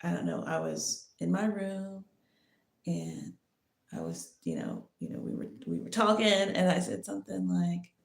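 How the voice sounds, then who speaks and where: Woman host, lowish creaky voice, rambling casual storytelling, echoey room. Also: sing-song, unhurried. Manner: rambling, many restarts and "like"s. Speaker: podcast host.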